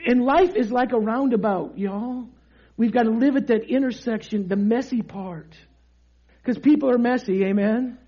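A man preaching a lively, joking sermon, calling for amens from the crowd. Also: very high voice, moderate pace, husky, highs cut off. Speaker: pastor.

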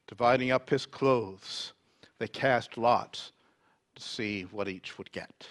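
A man preaching a sermon, reading scripture dramatically and swinging from loud emphasis to near whispers. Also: mid-range voice, takes it slowly, dry recording.

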